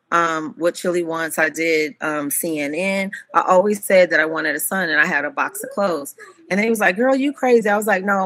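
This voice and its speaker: A woman in her fifties telling stories as an interview guest, animated and often laughing. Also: fairly low pitch. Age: 50s. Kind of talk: casual interview chat.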